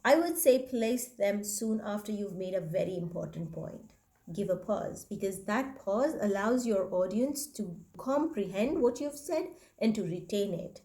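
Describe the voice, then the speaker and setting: A woman gives a public speaking lesson, her voice mellow and warm. Along the way she swings her pitch up and down to show each point. The sound carries an echo from the room. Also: animated, a little slow. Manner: demonstrates pitch and inflection changes as she explains. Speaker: speaking coach. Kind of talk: instructional talk to camera. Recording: echoey room.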